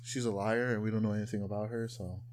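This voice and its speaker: A man's voice: on the low side, fast, a little hiss or hum. A young man co-hosting a podcast, talking in a loose, joking and crude way. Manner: joking, crude, animated storyteller. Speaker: podcast co-host. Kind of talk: casual chat.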